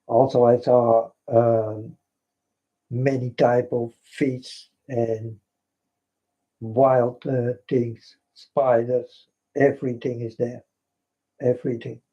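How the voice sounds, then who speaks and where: Dutch-accented man, flat slow preacher-like vlogger, husky, dull lo-fi sound, repeats himself. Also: mid-range voice. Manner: repetitive, keeps addressing his folks, broken English. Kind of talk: rambling spiritual monologue. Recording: dull lo-fi recording.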